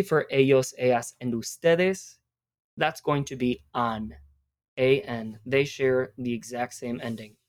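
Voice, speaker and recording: Upbeat woman teaching Spanish. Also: very deep voice. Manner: upbeat, encouraging, spells out words. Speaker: Spanish teacher, podcast host. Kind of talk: casual teaching on a podcast.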